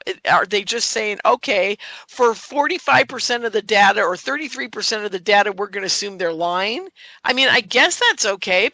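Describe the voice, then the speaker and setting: Gravelly american lady in her 60s ranting to her viewers, bright edgy tone, rambles on. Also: fairly high pitch, dry recording, low-quality recording. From United States. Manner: indignant, rambling, talks straight to viewers. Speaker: show host. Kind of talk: casual monologue to viewers. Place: California.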